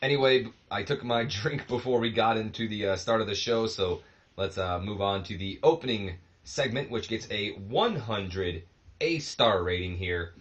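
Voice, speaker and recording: Brief: laid-back man hosting a game series, low and rambling, dull lo-fi audio. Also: moderate pace. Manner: rambling, relaxed, many fillers. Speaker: host of a wrestling management game series. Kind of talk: casual gameplay commentary.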